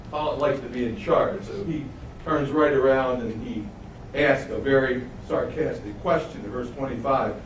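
A man preaching a sermon, teaching verse by verse and throwing rhetorical questions to his listeners. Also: medium pitch. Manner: animated, rhetorical questions to the audience. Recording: echoey room heard from a distance, faint noise.

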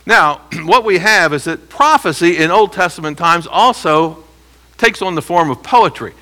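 A forceful, bright-voiced man leads a Bible lesson, walking through the text verse by verse. He sits a little high in pitch for a man and keeps pulling listeners in with rhetorical questions. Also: lively intonation, moderate pace. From United States. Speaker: Bible teacher.

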